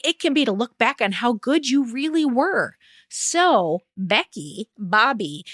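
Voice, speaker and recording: A woman's voice: medium pitch, a bit bright, no room sound, studio quality. A woman hosting a podcast, reading a scripted segment with chatty asides. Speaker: podcast host.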